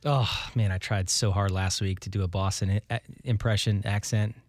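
Lower-voiced co-host guy, dry teasing banter, no room echo at all. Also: steady tone, normal speed, faint music behind. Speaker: radio co-host. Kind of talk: casual radio banter.

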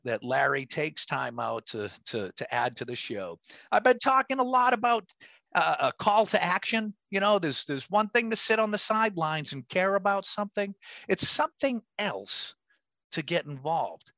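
Gravelly, lively radio host plugging guests. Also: male voice, high voice, no room sound, lo-fi sound. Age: middle-aged. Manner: enthusiastic, promotional, self-correcting. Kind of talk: casual radio talk.

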